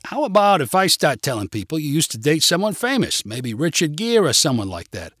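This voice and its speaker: A man's voice: fairly high pitch, sing-song, a little fast, a bit bright, no echo, studio quality. A man voicing a timid, sheepish middle-aged husband who pleads and makes excuses.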